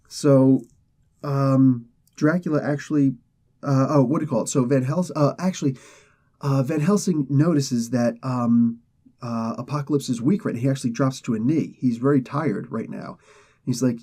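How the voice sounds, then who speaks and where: A man recaps a comic storyline in loose, chatty bursts, tripping over his words as he races ahead. His voice is dark and soft-edged, with a husky grain. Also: medium pitch, moderate pace. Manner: excitable storyteller, many fillers and restarts. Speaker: comic book reviewer, host. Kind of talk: casual plot recap.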